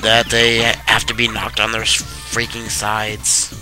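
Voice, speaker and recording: A tired young man giving casual, sarcastic commentary while playing a video game, swearing freely in a deadpan way. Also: lowish voice, takes it slowly. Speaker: let's play commentator. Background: game music.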